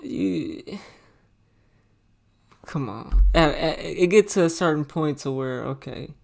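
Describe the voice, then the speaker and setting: A man's voice: on the high side, slow pace, vocal fry, a little mellow. A man hosting a live call-in stream, reacting in slangy, casual talk and laughing easily. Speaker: streamer host.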